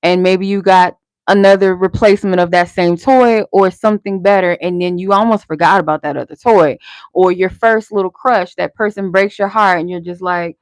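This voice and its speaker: A woman's voice: fairly low pitch, steady tone, a little fast, dry recording. A woman hosting a live tarot stream, giving casual spiritual guidance in a candid, encouraging way with some swearing. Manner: candid, conversational, salted with swearing; encouraging, motivational.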